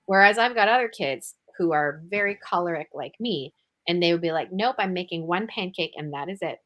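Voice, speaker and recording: A woman hosting a casual podcast interview, animated and exclaiming, often acting out quotes. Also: on the low side, a little fast. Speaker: podcast host.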